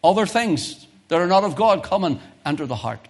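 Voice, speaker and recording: A man preaching a sermon in a church, reading old-fashioned scripture and putting emphatic questions to the congregation, rising loud on key points and dropping soft to explain. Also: high voice, big pitch swings, brisk, husky. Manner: reads scripture in old-fashioned King James wording.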